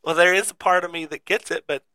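A man's voice: high voice, steady tone, quick pace, bright, forceful tone, no room sound. A man co-hosting a podcast in casual chat, rambling and skeptical, stumbling and restarting as he talks. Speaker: podcast co-host.

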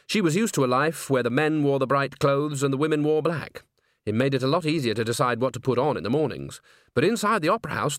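Guy reading a comic fantasy book aloud, wry even telling, dry close mic. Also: medium pitch, no room sound. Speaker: narrator. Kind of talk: audiobook narration.

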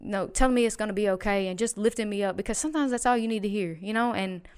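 A woman with a very smooth, resonant voice tells a personal story as a podcast guest. She rambles and restarts often, then leans hard on key words. Her pitch sits mid-range for a woman. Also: quick pace, darkish tone. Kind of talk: casual podcast chat.

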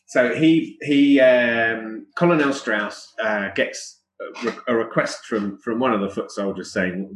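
A man's voice: lowish voice, slight background noise. A man, a guest musician, telling chatty anecdotes in a casual podcast conversation. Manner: animated, chatty anecdotes with laughs. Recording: echoey room.

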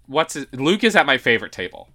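A woman's voice: very deep voice, sing-song, quick pace, pushed and bright. A woman co-hosting a podcast, reacting expressively and laughing often while chatting about a TV episode. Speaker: podcast co-host. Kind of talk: casual TV recap chat.

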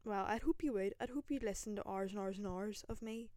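A young Northern Irish woman hosting a podcast, telling a story in a lively, self-mocking way, full of rambling asides, into a single microphone. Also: medium pitch, fairly quick, dry recording. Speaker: podcast host. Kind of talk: casual solo storytelling.

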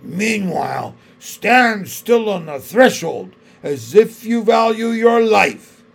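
A man voicing a grey wolf, chief of a secret police, speaking slowly, loudly and threateningly. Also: sits high, big pitch swings, vocal fry, pitched above the performer's own voice, heavily acted. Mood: menacing. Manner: slow, loud and threatening.

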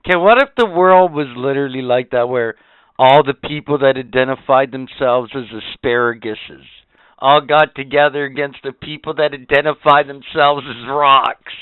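A man's voice: medium pitch, moderate pace, clean tone, dry recording. A man co-hosting a casual podcast chat, ranting and swearing as he gets worked up. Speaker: podcast co-host. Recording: tinny phone-like sound, dry.

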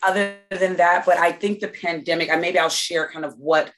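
A woman's voice: fairly low pitch, fairly even intonation, a little fast, fairly bright tone. A woman from New York, a guest in a casual interview, talking in a reflective way with many restarts and fillers.

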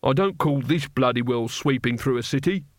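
A man voicing a crude, belligerent old male barbarian, gruff and growling. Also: mid-range voice, normal speed, no echo, clean studio sound, close to an everyday voice. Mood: grumbling.

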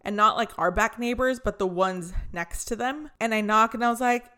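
A woman co-hosting a podcast tells a long anecdote in casual conversation, animatedly acting out what people said. Her pitch is fairly high and her pace moderate.

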